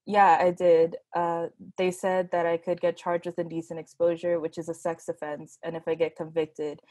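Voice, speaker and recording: A woman's voice: fairly low pitch, level tone, normal speed, darkish tone, no echo, close to an everyday voice. A woman reading aloud, voicing an anxious young woman in trouble with the police.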